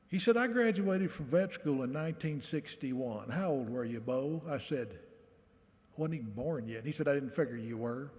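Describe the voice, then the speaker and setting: A man's voice: mid-range voice, moderate pace. Folksy man in a big hall. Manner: folksy, animated storytelling with voiced quotes. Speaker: commencement speaker. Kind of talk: storytelling speech, reading aloud. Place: large hall, on stage. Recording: reverberant hall.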